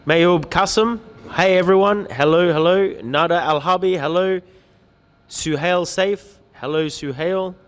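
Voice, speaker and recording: Male livestream host, friendly and chatty, slightly raised pitch, long hall echo on the track. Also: a little slow. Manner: chatty, greets viewers by name, light joking. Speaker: livestream host reading viewer comments. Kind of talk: upbeat live-stream chat.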